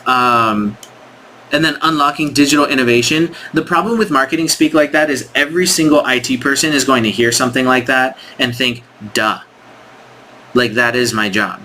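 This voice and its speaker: A man's voice: medium pitch, moderate pace, sharp tone, a little hiss or hum. A man coaching on sales in a casual screen-share walkthrough, thinking aloud with frequent restarts and frank critique. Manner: frank, critiques scripts directly.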